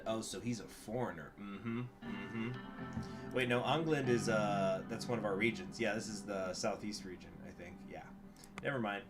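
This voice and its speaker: A man casually reading game text aloud and chatting, self-deprecating, with guitar music playing behind. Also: fairly low pitch. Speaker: streamer playing a political game.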